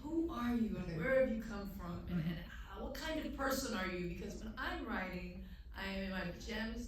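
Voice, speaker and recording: A woman filmmaker answering questions onstage at a cinema Q&A, telling animated, self-deprecating stories with frequent restarts. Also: a little high. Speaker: filmmaker guest at a Q&A. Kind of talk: casual onstage conversation. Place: cinema theater before an audience. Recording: echoey theater from far off, noisy.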